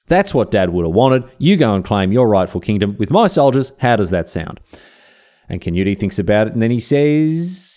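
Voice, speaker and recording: A man's voice: on the low side, big pitch swings, normal speed, mellow. An Australian man hosting a history podcast, telling the story in a chatty, slangy way. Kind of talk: casual history narration.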